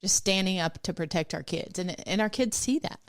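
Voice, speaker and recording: A woman's voice: lowish voice, brisk, no echo, studio quality. A woman hosting a podcast, talking in a casual, affirming and thoughtful way with her guest. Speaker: podcast host. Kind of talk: casual conversation.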